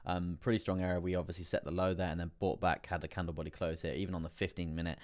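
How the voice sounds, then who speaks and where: A man hosting a live trading stream, chatty and rambling with many fillers, laughing often and getting excitable as prices move. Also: low-pitched, rapid-fire. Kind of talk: live stream market commentary.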